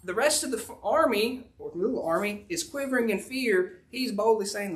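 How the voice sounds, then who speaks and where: A man's voice: high voice, lively intonation, normal speed. A man, preaching a sermon in a folksy, storytelling way, full of "um" and "you know". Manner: folksy storytelling with frequent fillers. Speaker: pastor. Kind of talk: sermon, retelling a Bible story.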